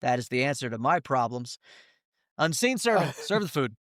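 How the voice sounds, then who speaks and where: A man running a tabletop game as its game master, with an animated delivery that keeps tipping into laughter and quick voices for his characters. His voice sits at an ordinary middle pitch. It is recorded close and dry, with no room sound. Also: dry recording.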